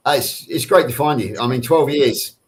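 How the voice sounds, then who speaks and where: A man's voice: mid-range voice, moderate pace. A man chats casually on a panel in a dry, joking way. He stumbles and restarts his sentences now and then. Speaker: panel guest. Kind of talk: casual chat.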